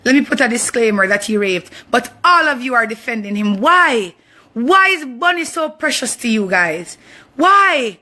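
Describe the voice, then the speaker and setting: A woman's voice: fairly high pitch, big pitch swings, moderate pace, bright, forceful tone. A young woman with a Jamaican accent delivering an impassioned personal monologue, confrontational and emphatic, repeating phrases for force. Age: young adult. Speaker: vlogger.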